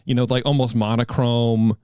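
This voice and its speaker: A man's voice: medium pitch, level tone, moderate pace, dark tone, clear, resonant tone, dry recording, studio quality. A man in his thirties hosting a podcast, telling a rambling story in casual chat. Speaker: podcast host.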